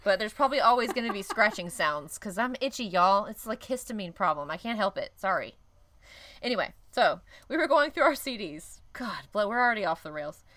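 A woman's voice: medium pitch, lively intonation, a little fast, sharp tone. A woman co-hosting a podcast, telling a story in rambling casual chat, laughing often and cutting herself off. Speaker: podcast co-host.

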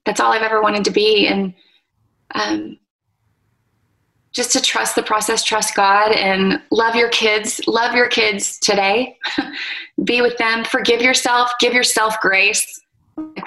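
Woman, 30s, interview guest; gentle, reflective delivery, bright tone. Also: medium pitch, poor audio. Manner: soft-spoken, tender, reflective with pauses and fillers. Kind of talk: emotional interview conversation.

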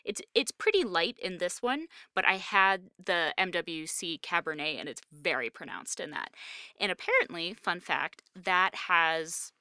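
Bright, clear-voiced woman chatting about wine. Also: on the low side, expressive, unhurried, no echo, studio quality. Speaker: podcast co-host discussing wine and film. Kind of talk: casual chat.

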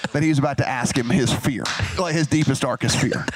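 A man's voice: mid-range voice, brisk, soft background music. A man and guest co-host in casual studio chat, animatedly retelling a story and acting out the quotes.

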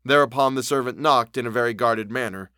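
A man's voice: medium pitch, brisk, bright, forceful tone, dry recording. Man narrating a classic tale, dry sound. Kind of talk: audiobook narration of a classic story.

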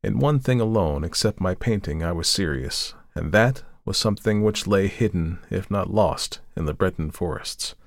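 A man's voice: deep voice, gravelly, dry recording, studio quality. A man hosting a podcast, reading a story aloud dramatically and raising his voice for the quoted dialogue. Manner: lifts his voice for quoted speech, slows for tense moments. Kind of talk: dramatic audiobook narration.

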